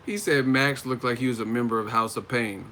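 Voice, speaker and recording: A man with a mid-range, bright, forceful voice talks fairly quickly in a steady tone on a casual live stream about boxing. He laughs often, swears, and does mocking impressions of the fighters, with slight background noise.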